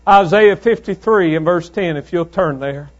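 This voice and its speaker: A man preaching a fiery sermon, commanding and impassioned, swinging between loud declarations and low tones. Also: normal speed, dull audio.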